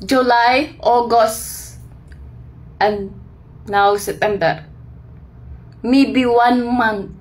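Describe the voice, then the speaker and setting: A Filipina woman with a Filipino accent speaks slowly in a somewhat high voice. She pleads and reproaches in broken English, as if talking to a man who is not there. This is a heartbroken vlog monologue. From Philippines. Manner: pleading, heartbroken, addresses an absent man directly; mixes broken English with Tagalog. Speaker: overseas worker vlogger. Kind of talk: emotional direct-to-camera monologue.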